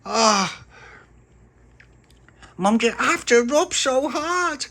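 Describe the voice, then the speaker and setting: A fussy little boy pipes up in a high squeal, complaining as if the world is ending, as a man puts him on for a storybook. His stays plain throughout. The tone is bright and lively. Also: very slow, heavily acted. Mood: protesting. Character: whiny cheeky little boy, easily fussed.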